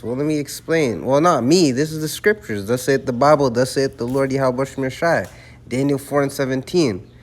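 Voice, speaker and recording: A man's voice: mid-range voice, animated, moderate pace. Emphatic, preachy, profane male commentator. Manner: emphatic, preachy, lots of rhetorical "right?" and "man". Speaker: online commentator.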